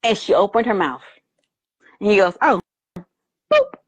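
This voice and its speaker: An animated woman hosts a casual movie chat. Her voice sits at a middle pitch and sounds close and dry, with no room around it. She laughs often and slips into playful voices when she retells scenes. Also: normal speed, breathy edge, no room sound. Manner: animated, quotes lines in put-on voices, lots of laughter. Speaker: host. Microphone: live video stream.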